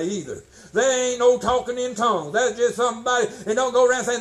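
Preacher, man, 60s, high voice, folksy and emphatic. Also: fairly quick, hardly any pauses, rough recording. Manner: folksy, emphatic, swings from shouting to low tones. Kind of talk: sermon.

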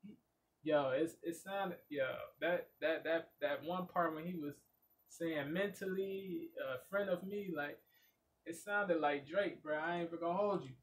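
A man giving excited, slangy reaction commentary, repeating song lyrics aloud. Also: on the high side, unhurried, distant mic, a little hiss or hum. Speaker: music reaction YouTuber. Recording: loud song playing behind voice. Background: loud music.

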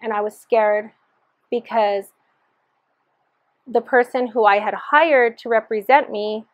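A woman's voice: on the high side, steady tone, takes it slowly, no echo, muffled recording. A woman sharing her personal testimony in an earnest storytelling manner, re-enacting the dialogue as she recalls it.

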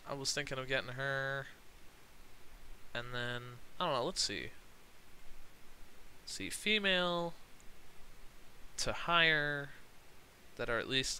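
A young man casually commentating his own game on a livestream, excitable and profane, laughing often. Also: medium pitch, a little hiss or hum, poor audio. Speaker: streamer.

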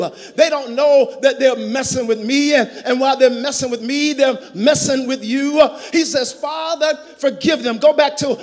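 A man preaching a sermon in call-and-response style, building to shouts. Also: very high voice, moderate pace, few pauses. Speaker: pastor. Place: large church sanctuary. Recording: long church reverb.

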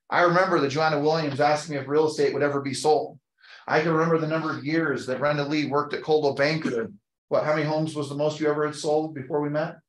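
A man in his fifties leading a motivational training talk for an audience, telling a personal story and building to an emphatic, upbeat push. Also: a little high. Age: 50s. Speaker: real estate team leader and trainer. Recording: roomy echo.

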